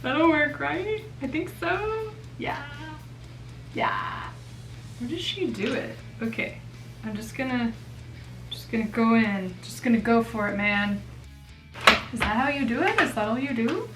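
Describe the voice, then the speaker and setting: A woman's voice: on the high side, lively intonation, unhurried, pauses often, a bit bright, faint music behind. A young woman doing her makeup on camera, chatting in a playful, self-mocking way. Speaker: makeup vlogger. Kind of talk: casual chat. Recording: roomy echo, mic at a distance.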